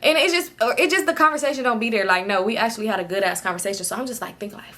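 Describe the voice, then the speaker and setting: A young woman tells a personal story in a relaxed, chatty way. Her voice is bright and clear. She acts out other people's lines with sudden pitch jumps and laughs often. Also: rapid-fire, hardly any pauses. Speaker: storytime vlogger. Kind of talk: casual storytelling.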